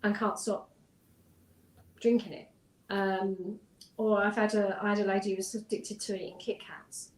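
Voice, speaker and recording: A woman's voice: mid-range voice, flat delivery, moderate pace, long pauses. A woman, a hypnotherapist, chatting casually in an interview and telling client stories with frequent ums and restarts. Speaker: hypnotherapist guest. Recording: roomy echo.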